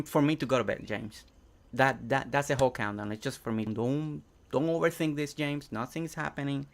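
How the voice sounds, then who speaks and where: A young man whose first language is Spanish, chatting casually on a game live stream, reading chat aloud and thinking out loud while he builds. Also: mid-range voice, moderate pace.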